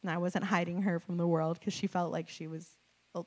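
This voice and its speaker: A woman preacher giving a sermon to a live audience, telling a personal story in a conversational, animated way with frequent laughs and fillers. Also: lowish voice, brisk. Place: before a live audience with slides.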